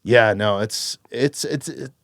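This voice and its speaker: A man's voice: fairly low pitch, slow, fairly bright tone, no room sound, clean studio sound. A man in his thirties hosting a podcast, telling stories in casual chat with lots of dude and swearing. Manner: swears freely, says dude a lot. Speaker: podcast host.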